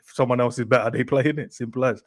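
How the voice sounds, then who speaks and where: A man chatting easily on a podcast, telling anecdotes in a relaxed way. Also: medium pitch, quick pace. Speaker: co-host. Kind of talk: casual podcast chat.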